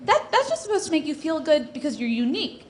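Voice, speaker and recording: A young woman performing a stand-up comedy set on a club stage into a handheld mic, with a hesitant, deadpan delivery full of fillers. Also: high-pitched, fast talker. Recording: noisy live club recording.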